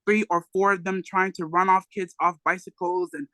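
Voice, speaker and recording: A reader delivers a memoir aloud for a book club in a bright, ringing voice. The delivery is emphatic, with salty asides thrown in. The sound is dry and close. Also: medium pitch, little pitch movement, normal speed, dry recording, poor audio.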